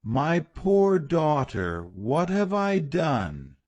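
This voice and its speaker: A man voicing a commanding, quick-tempered king in a storybook reading, speaking in a demanding, questioning way. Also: on the high side, wildly swooping pitch, darkish tone, dry recording, pitched above the performer's own voice, exaggerated voice.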